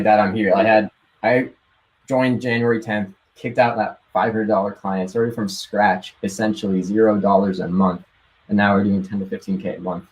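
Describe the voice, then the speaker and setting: Young guy, lowish voice, excited and laughy, swears a lot, casual call chat. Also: rough recording. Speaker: guest sharing success story. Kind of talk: casual storytelling on a live call.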